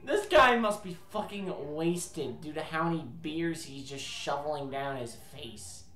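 A woman's voice: low voice, measured pace, echoey room, a crowd in the background. A young woman giving casual, exasperated commentary while playing a game, swearing and laughing often. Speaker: let's play co-host.

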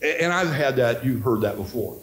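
Folksy, animated male pastor. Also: mid-range voice, moderate pace. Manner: folksy and animated, acts out quotes. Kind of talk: Bible study teaching.

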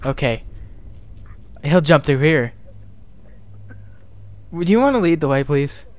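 A man's voice: a little high, animated, takes it slowly, no echo. A man on a gaming headset doing co-op game commentary, panicky and shrieking with nervous laughter. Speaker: gamer playing co-op.

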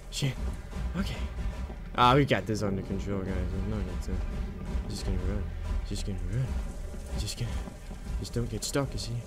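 A man's voice: fairly low pitch, steady tone, normal speed, long pauses, faint music behind. A man playing a horror game on camera, talking nervously to himself as he goes and swearing and screaming at the scares. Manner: nervous running self-talk. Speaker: gaming video host.

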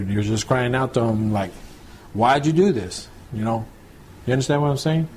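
A male pastor giving a conversational Bible teaching, checking in with listeners and slowing down to read scripture aloud. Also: mid-range voice, a little mellow, slight background noise. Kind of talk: home church Bible teaching.

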